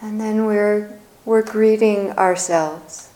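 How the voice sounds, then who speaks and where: A woman guiding a group meditation in a soft, gentle voice. Her tone is mellow and warm, and she speaks very slowly, leaving long pauses between phrases. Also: medium pitch, fairly even intonation, rough recording. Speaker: meditation teacher. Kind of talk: guided meditation.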